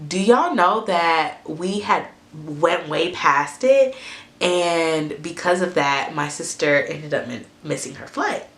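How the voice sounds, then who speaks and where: A young woman, telling a story to her camera in a lively, cussing, chatty way. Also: sits low, takes it slowly, echoey room. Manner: animated, swears freely, asides to viewers. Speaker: storytime vlogger.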